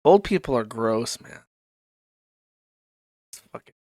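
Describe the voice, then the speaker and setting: A man's voice: mid-range voice, moderate pace, no room sound, studio quality. Sarcastic, profane male streamer. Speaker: streamer host. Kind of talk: casual commentary reading posts aloud.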